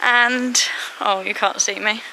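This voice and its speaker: A woman's voice: mid-range voice, steady tone, slow, bright, forceful tone, slight background noise, poor audio. A woman, vlogging and talking fondly to her horse in a stable, emotional and close to tears. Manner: chatty, affectionate, talks fondly to her horse. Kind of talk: casual vlog chat. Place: outdoors and in a stable at a horse event.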